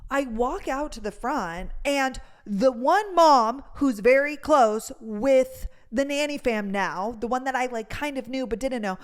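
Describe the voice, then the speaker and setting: A young woman hosting a podcast, telling a story in a chatty, animated way and saying "like" a lot. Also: sits high, measured pace, hardly any pauses. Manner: chatty, heavy on "like," animated retelling. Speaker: podcast host. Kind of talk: casual storytime chat.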